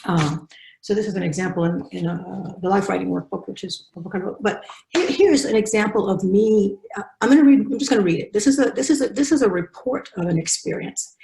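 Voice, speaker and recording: A woman teaching a writing webinar, talking quickly and animatedly with frequent restarts. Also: mid-range voice, creaky, reverberant, rough recording. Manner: fast, animated, with many restarts. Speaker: faculty webinar speaker.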